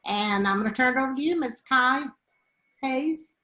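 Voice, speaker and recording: A woman's voice: high-pitched, moderate pace, sharp tone, reverberant, poor audio. A woman co-hosting a live online show, handing over to speakers with enthusiastic, gushing praise. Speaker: co-host.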